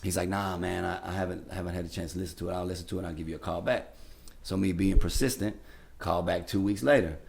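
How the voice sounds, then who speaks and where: A man's voice: low voice, fast talker, creaky. A man who works as a radio DJ, telling stories casually as a podcast guest and acting out the people in them. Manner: animated, acts out the people in his stories. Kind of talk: casual storytelling.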